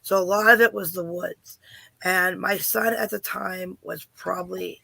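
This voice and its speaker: A hoarse middle-aged woman, calling in and earnestly telling a personal story, asking questions as she goes. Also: lowish voice, fairly even intonation, unhurried, pushed and bright, dry recording. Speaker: caller. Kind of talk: casual storytelling.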